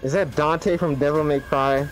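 A man streaming his live reaction to a game event, chatty and excitable and laughing often. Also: on the high side, normal speed, faint music behind, poor audio.

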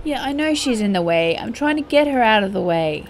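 A young woman chats her way through a life-simulation game, excitable and playfully bossy with her characters. Her voice swings widely in pitch as she talks. A faint background hiss sits under the recording. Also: brisk. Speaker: gaming YouTuber. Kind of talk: casual gameplay commentary.

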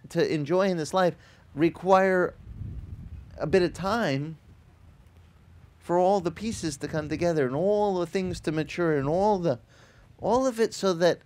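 A man's voice: fairly high pitch, a little mellow. A middle-aged man preaching as a pastor, telling stories casually with frequent restarts and swelling into emphatic encouragement. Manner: conversational storytelling, many restarts, rising to emphatic exhortation. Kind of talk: sermon. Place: outdoor beach service.

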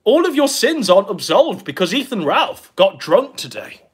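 Sneering, husky-voiced male commentator. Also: high-pitched, sing-song, moderate pace. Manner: crude, sneering, taunting. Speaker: online commentator. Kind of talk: profane mocking commentary.

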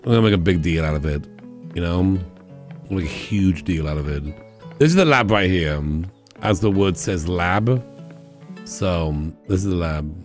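A man's voice: low voice, normal speed, faint music behind. A young man streaming a game, chatting casually with many fillers and frequent laughter.

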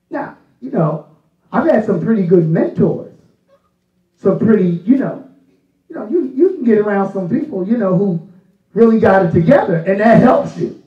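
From across a spacious church sanctuary, a pastor's very high voice carries a plain, folksy sermon punctuated by emphatic shouting. The recording has a faintly dull quality.

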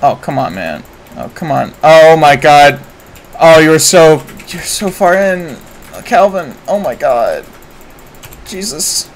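A man giving live commentary while streaming a game, excitable and prone to swearing and sudden shouts. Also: a little high, slow, rough recording.

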